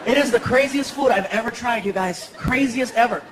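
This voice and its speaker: A man performing a stand-up comedy set in a theater, telling animated stories and acting out other people's voices for laughs. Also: very high-pitched, a little fast, background noise. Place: large theater stage before a live audience. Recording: live theater with loud audience laughter and room echo.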